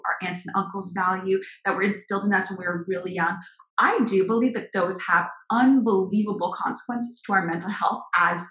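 A woman's voice: mid-range voice, fairly even intonation, bright, forceful tone. Earnest woman co-host in echoey office. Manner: earnest and reflective, fast run-on sentences. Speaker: podcast co-host. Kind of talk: casual chat. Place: her office.

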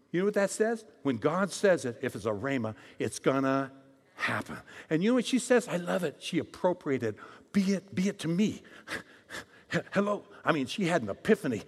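A male preacher giving a dramatic sermon, swinging between loud proclamations and hushed asides and calling out for audience responses. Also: high voice. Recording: long hall reverb.

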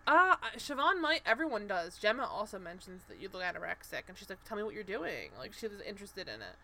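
A podcast co-host rattles through a casual TV show recap in a fast, sharp, mid-range voice with big pitch swings. She chats animatedly, uses lots of fillers, and performs lines from the characters.

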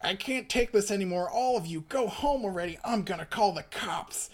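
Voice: medium pitch, moderate pace, pitched above the performer's own voice, close to an everyday voice. A podcaster voicing a bratty, fed-up kid while reading a comic aloud, in a raised, whiny voice.

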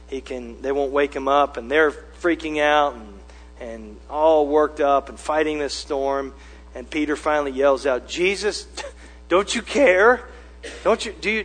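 A male pastor preaching a sermon, conversational at first and then building to loud, emphatic repetition. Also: medium pitch, slightly rough. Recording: long hall reverb with mains hum.

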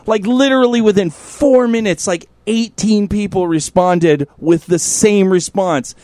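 A man's voice: high-pitched, measured pace, no echo. A man co-hosting a podcast, telling a story in casual chat, swearing freely and laughing as he goes. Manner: profane, animated, laughing as he tells stories. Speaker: podcast co-host. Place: indoor studio room.

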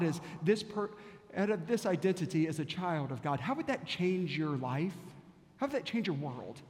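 High-voiced male pastor preaching in reverb. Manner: storytelling, repeated rhetorical questions. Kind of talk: sermon.

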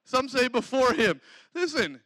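A man preaching a lively sermon, laughing often and breaking into exclamations of praise. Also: very high-pitched, unhurried, dry recording, poor audio.

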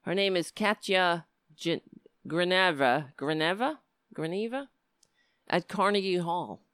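Middle-aged livestream host, heated profane rant, smooth voice, dry close sound. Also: medium pitch, unhurried, a bit bright, no room sound. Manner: heated, profane political ranting. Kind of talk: casual livestream talk.

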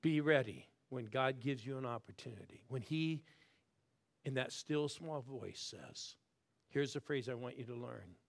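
A man in his sixties preaching a sermon, swinging from loud calls to the crowd down to soft, hushed lines. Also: mid-range voice, a little slow, vocal fry. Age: 60s. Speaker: guest preacher.

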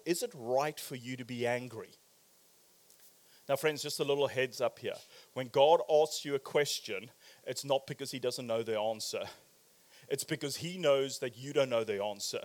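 A man preaching a sermon in a church, animated, swinging from loud exclamations to quiet, probing questions. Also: a little high. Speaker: pastor.

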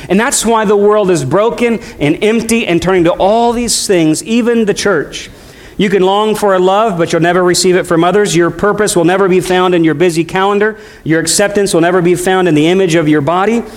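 A middle-aged man, a pastor, preaching a sermon in a conversational way, speeding up and slowing down as he tells a story. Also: high-pitched. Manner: conversational preaching with shifting pace.

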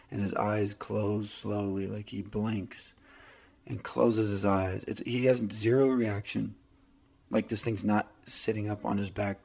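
A man's voice: on the low side, gravelly, husky. A man giving a casual motivational monologue, rambling through a story with many restarts and fillers.

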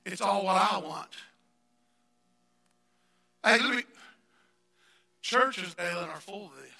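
A man preaching a fervent sermon as pastor, calling on members of the congregation by name and building up to shouting, recorded in a church. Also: high voice, takes it slowly, creaky, pauses often. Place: church sanctuary. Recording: long church hall reverb.

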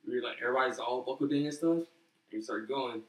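A man's voice: medium pitch, quick pace. A young man chatting casually and acting out quotes as he tells stories, recorded in a roomy space. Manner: animated storyteller, acts out quotes. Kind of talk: casual chat. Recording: roomy, from far off the mic.

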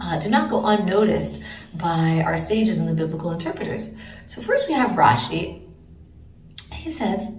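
A woman giving a recorded Bible teaching, earnest and expressive as she retells the story. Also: medium pitch, reverberant, distant mic.

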